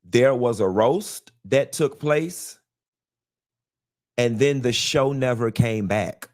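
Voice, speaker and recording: A man giving a commentary monologue, laying out his argument point by point in a measured way. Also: mid-range voice, darkish tone. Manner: deliberate, measured, argues point by point. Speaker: show commentator.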